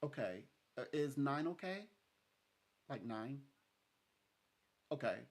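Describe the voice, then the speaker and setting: A man's voice: medium pitch, sing-song, slow pace. A man chatting casually as a psychic reader, rambling, laughing often and acting out what others said. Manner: rambling, laughs often, acts out quoted speech. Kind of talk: casual chat with a client.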